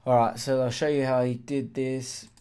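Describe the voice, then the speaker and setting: A man casually walking through how he built a hip hop track, plain-spoken and relaxed, with fillers like "like" and "literally". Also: medium pitch, normal speed, smooth. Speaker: music producer explaining a beat. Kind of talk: casual tutorial walkthrough. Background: faint playback of his beat.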